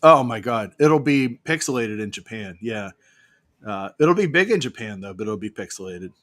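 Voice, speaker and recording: A man's voice: fairly low pitch, lively intonation, moderate pace, a bit bright, no room sound. A man in his fifties co-hosting a show, rambling through jokes with lots of fillers. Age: 50s. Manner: rambling, joking, many fillers. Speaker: co-host. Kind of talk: casual banter.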